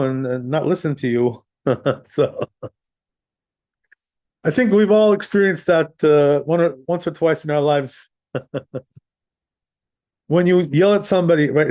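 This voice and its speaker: Man, rabbi, casual law class, chatty, slightly high voice. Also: normal speed, pauses often, a little mellow. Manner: conversational, sprinkles in "right?" and "you know", chuckles often. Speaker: rabbi teaching Jewish law.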